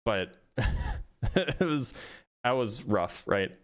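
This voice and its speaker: A man hosting an online debate, calmly asking short probing questions and repeating them. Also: mid-range voice, drawn-out words. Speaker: debate streamer host.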